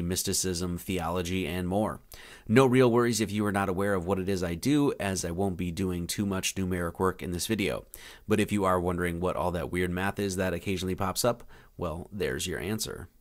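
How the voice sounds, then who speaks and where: A man hosting his own video, calmly narrating a scripted joke and introduction. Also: low voice.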